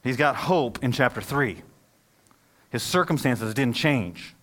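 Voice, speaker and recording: A pastor preaching a sermon to his congregation, telling stories and joking, then swelling from quiet asides to loud, emphatic peaks. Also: mid-range voice, animated, slow pace. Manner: jokes with the congregation. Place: church service held in a movie theater.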